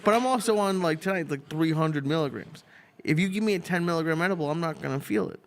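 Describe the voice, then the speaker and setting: A man's voice: a little high, fast, gravelly. A man co-hosting a podcast who mostly chimes in with short, reactive replies in casual chat. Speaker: podcast co-host.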